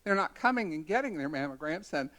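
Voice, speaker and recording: A woman voicing a sassy, insistent Southern woman over seventy, her voice a little higher and louder than her own. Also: animated, fast.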